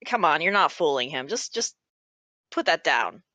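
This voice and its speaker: A woman's voice: deep voice, sing-song, normal speed, bright, forceful tone, no echo. A woman playing a tabletop game, speaking in character in a wry, dry way. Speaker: player. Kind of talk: in-character tabletop role-play.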